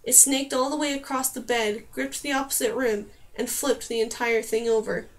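A woman reads a fantasy novel aloud in a steady, even storytelling voice. Her pitch sits high for a woman. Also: moderate pace. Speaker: audiobook narrator. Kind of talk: audiobook reading of a fantasy novel.

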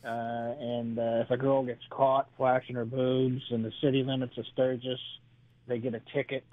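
A man who is a stand-up comedian telling his act in an interview, halting and full of "uh"s, chuckling between jokes. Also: mid-range voice, level tone. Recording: dry tinny phone line.

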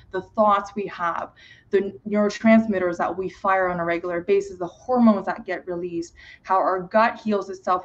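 A woman's voice: fairly low pitch, dull audio. A woman naturopathic doctor explaining how the body reacts, in an earnest, lightly playful way. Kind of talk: explanatory interview talk.

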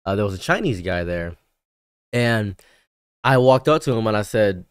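Male guest, animated storyteller, stammers, dry booth sound. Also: on the low side, normal speed, smooth, no room sound. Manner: rambling, animated anecdotes with stammered restarts. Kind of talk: casual storytelling chat.

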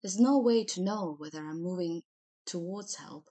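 A woman reading a novel aloud in the first person, in a measured, expressive storytelling manner. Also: fairly low pitch. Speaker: audiobook narrator.

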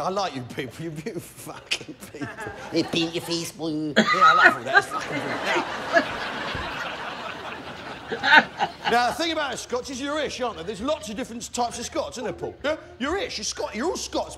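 A man performing a stand-up comedy routine, bombastic and doing crowd work. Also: sits high. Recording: noisy recording with loud audience.

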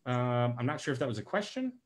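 A man hosting a casual live Q&A, easygoing as he reads out viewer questions and explains. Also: medium pitch. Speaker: host. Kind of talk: casual livestream Q&A.

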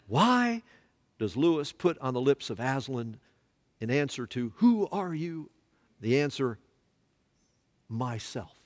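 Man teaching in an echoing church. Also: medium pitch. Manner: asks the class questions and has them fill in words. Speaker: Bible study teacher. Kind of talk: church Bible study teaching.

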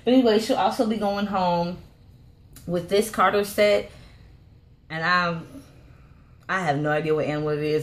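Low-voiced woman chatting casually on a vlog. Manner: rambling and warm, frequent "um" and "but anyways"; affectionate, gushing over small details. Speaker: reborn doll artist showing a packed order.

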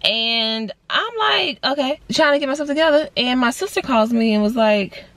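Young woman in her twenties, casual storytime vlogger, lively voice jumps, dry close sound. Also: high-pitched, moderate pace, no room sound. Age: 20s. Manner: animated storytelling with big voice jumps for quoted lines; casual slangy talk, addresses viewers as y'all. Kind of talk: storytime vlog.

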